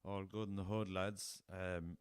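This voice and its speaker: A man's voice: deep voice, flat delivery, unhurried, clean tone, dry recording. An Irish man hosting a casual solo podcast, rambling through a story and swearing freely, recorded on a laptop. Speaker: podcast host.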